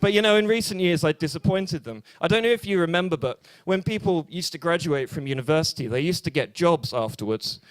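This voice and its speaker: Deadpan young Englishman doing stand-up. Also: on the high side, brisk, few pauses, no room sound. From England. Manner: deadpan, hesitant delivery with many fillers. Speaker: stand-up comedian. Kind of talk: stand-up comedy set. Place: small bar open mic.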